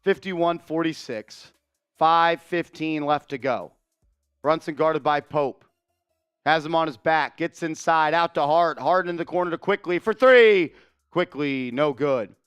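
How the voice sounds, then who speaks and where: A man calling a live game as a fan streamer, fast and openly partisan, shouting at big plays and grumbling about the refs. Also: on the high side, clean tone, no echo, studio quality. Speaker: play-by-play streamer. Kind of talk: live fan play-by-play commentary.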